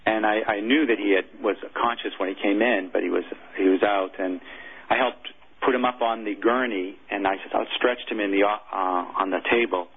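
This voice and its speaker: A former military chaplain, a man, telling a personal story in an interview, earnest and halting. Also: on the low side, fairly even intonation, slightly rough. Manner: earnest, halting, emotional recounting. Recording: tinny phone-like audio.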